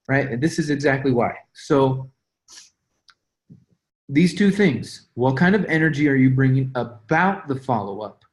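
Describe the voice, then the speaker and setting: A man's voice: mid-range voice, lively intonation, measured pace. A young man leading a sales team call, coaching with energy and acting out his own calls and texts. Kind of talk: motivational sales coaching talk.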